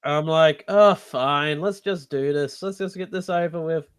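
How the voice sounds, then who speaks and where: A man with a high voice, drawling sarcastic remarks at a tabletop game. He sounds bored with it all. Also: unhurried, clean tone. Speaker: player.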